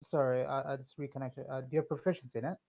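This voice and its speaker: A man's voice: mid-range voice, fairly even intonation, very fast, gravelly, highs cut off. A man playing a tabletop game online, hesitant, with many fillers. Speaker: player. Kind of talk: casual tabletop game talk.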